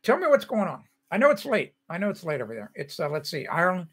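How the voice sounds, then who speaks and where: A man's voice: high-pitched, huge pitch swings, quick pace, breathy edge. An older man hosting a casual livestream, chatting loosely and reading out viewer comments as he greets people by name. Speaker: livestream host.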